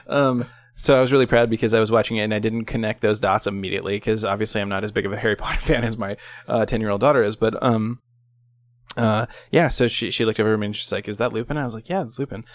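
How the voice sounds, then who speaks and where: A man in his thirties chats through a movie review at a brisk clip, full of ums and restarts. His voice sits a little low, and the sound is dry and close with no room around it. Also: steady tone, dry recording. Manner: rambling, self-correcting, frequent ums. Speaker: podcast co-host. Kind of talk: casual movie review chat.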